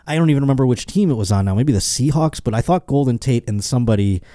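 Male comedy podcast host, mellow tone, dry close mic, rambling and crude. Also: mid-range voice, lively intonation, fast talker, no echo. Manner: crude, rambling, mocking put-on quotes. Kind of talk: casual comedic podcast banter.

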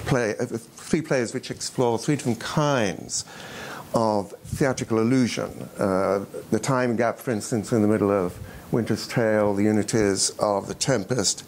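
A man speaking as a panelist at a roundtable discussion, measured and hesitant, with frequent pauses and uhs. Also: lowish voice, a little hiss or hum.

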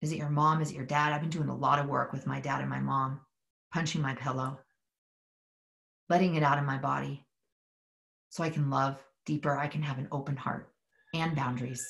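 This woman's pitch is extremely low, her delivery flat with vocal fry and a fairly bright tone; she talks fairly quickly but pauses often. A spiritual workshop leader, she runs an earnest, intimate guided session from a mountain home, swearing liberally and leading call-and-response prayer.

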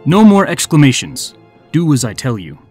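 A man's voice: mid-range voice, big pitch swings, normal speed, soft background music. A man voicing a defiant, cunning male sorcerer who talks in a haughty, commanding way in a storytelling podcast.

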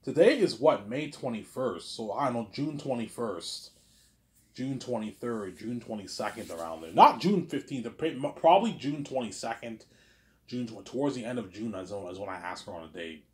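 A man's voice: mid-range voice, lively intonation, normal speed, darkish tone. A man rambling in a casual monologue to camera, stumbling over his words, swearing freely, and leaning on the same filler phrases again and again. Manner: repeats "obviously" and "you know what I'm saying", stumbling restarts, crude slang. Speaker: vlog host talking to camera.

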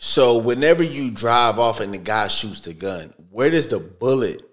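A man's voice: mid-range voice, animated, normal speed. A man hosting an interview, asking short, probing questions and giving brief backchannels. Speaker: interviewer host. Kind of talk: conversational interview.

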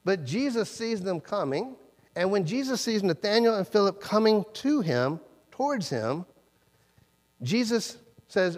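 A man preaching a sermon in a conversational way, acting out quoted lines with sudden jumps in pitch. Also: big pitch swings, a little slow. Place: church sanctuary. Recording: long church reverb.

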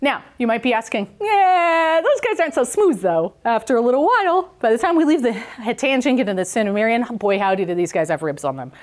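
Woman, professor, public science talk, high pitch, very lively intonation, jokey, enthusiastic. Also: fast, hardly any pauses. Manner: enthusiastic, jokey, animated storytelling. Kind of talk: lively science lecture to a club. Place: in-person talk in a meeting hall.

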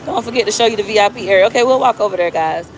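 A woman's voice: mid-range voice, racing. Woman gambling vlogger, live from a casino, hypes the machine and banters with viewers over faint music. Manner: cheers the machine on, chatty with viewers. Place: casino floor.

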